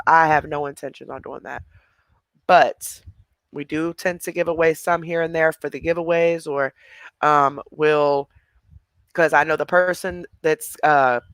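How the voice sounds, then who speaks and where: A man's voice: a little high, a bit bright, no room sound. A man hosting a livestream, chatting casually with viewers and laughing often. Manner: chatty, laughing, responding to chat. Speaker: livestream host.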